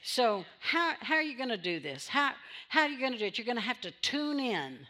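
A woman's voice: on the high side, sing-song, brisk, sharp tone. A woman pastor preaching a sermon in church, repeating phrases for emphasis and drawing amens from the congregation.

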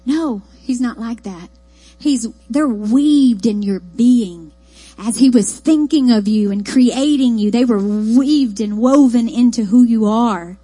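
A woman with an East Texas accent, preaching a sermon in a folksy, animated storytelling way. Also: a little high, a little slow, breathy edge, no room sound, soft background music, rough recording.

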